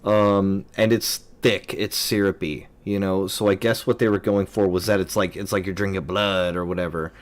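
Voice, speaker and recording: A young man chats casually while he streams a game. He rambles and fills his pauses with ums as he answers viewers. His voice sits on the low side. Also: little pitch movement. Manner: rambling, filler-heavy, answers chat questions.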